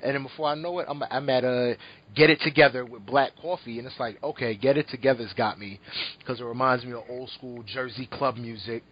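A man's voice: medium pitch, steady tone, brisk, slightly rough. A man co-hosting a podcast, chatting casually and rambling through an album review, laughing often. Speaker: podcast co-host. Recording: dull lo-fi podcast audio.

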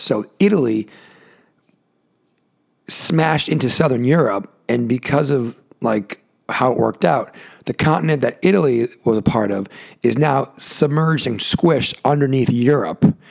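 Gravelly tired man hosting a podcast. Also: medium pitch, a little mellow. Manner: rambling, self-interrupting, joking asides. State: tired, voice worn out. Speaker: podcast host. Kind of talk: casual solo podcast monologue. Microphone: adjusting a desk mic himself.

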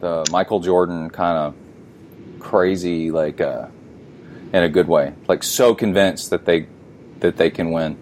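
Lowish guy rambling and joking on a podcast, bit of hiss behind. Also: steady tone, unhurried, long pauses, darkish tone. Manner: joking, rambling, moves around while talking. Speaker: triathlon podcast host. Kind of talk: casual chat.

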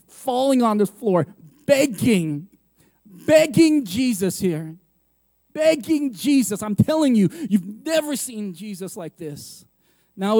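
A man preaching a sermon, repeating words for emphasis and firing off rhetorical questions, going from loud and punchy to hushed. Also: sits high, dry recording. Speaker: pastor.

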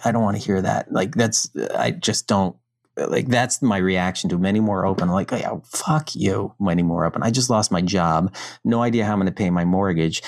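A middle-aged man from the United States, a podcast guest telling his story in a frank, animated, casual way, swearing now and then. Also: lowish voice, no echo, clean studio sound.

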